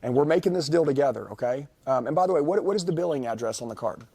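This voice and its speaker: A man making a rambling, insistent sales pitch over the phone to a customer. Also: expressive, fast, dark tone, breathy edge, no room sound. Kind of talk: high-pressure sales pitch.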